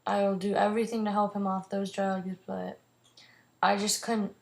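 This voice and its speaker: A woman's voice: mid-range voice, flat delivery, moderate pace, creaky. A teenage girl vlogging, telling a long personal story in a rambling way, full of "like" and "um". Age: teens. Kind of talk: casual storytelling to camera.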